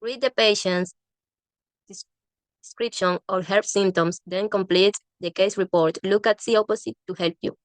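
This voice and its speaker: A woman reading a medical English textbook aloud, halting and often restarting words. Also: medium pitch, steady tone, no room sound.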